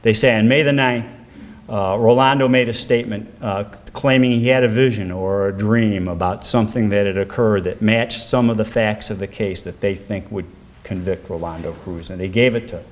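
An older man, a former defense lawyer telling a case story in a documentary interview, his pitch rising when he quotes others. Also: fairly even intonation, normal speed.

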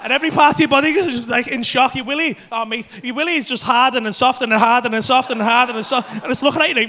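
A man doing crude, animated stand-up comedy on a comedy club stage into a handheld mic, with shouted bursts. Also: very high-pitched, rapid-fire, hardly any pauses.

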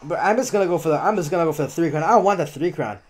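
A man's voice: fairly high pitch, expressive, racing. A man giving casual live commentary on his own gameplay, chatty and often correcting himself as he talks through each move.

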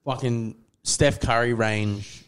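A young man co-hosting a podcast tells long, rambling stories about a night out with his friends, quoting them and using plenty of fillers. His mid-range voice is clean in tone, fairly even in intonation and slow in pace, in a casual chat.

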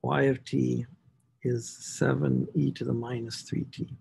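A man's voice: mid-range voice, unhurried, vocal fry, slight background noise. A man teaching a math class, working through equations aloud and stressing key words as he writes. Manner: talks to himself while writing equations, animated emphasis. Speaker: math instructor. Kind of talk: recorded class lecture.

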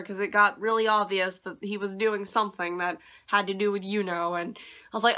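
Woman reviewer, rambling and unimpressed, crisp bright voice, casual chat. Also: mid-range voice, steady tone, a little fast. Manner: rambling, dismissive, laughs often. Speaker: anime reviewer.

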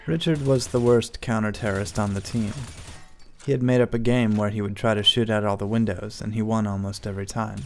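A man narrating a comedic story in a deadpan, storybook manner. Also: lowish voice, a little fast, soft background music.

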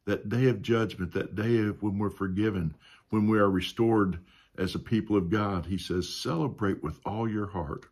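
A man's voice: on the low side, steady tone, normal speed, darkish tone, husky. A man teaching a Sunday school Bible lesson in a conversational way, often adding "you know" and asking the class questions.

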